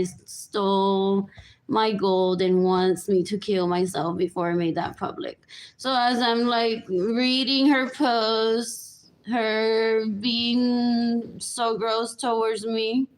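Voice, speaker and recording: A woman talking to viewers in a rambling livestream monologue, repeating herself as she goes. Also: medium pitch.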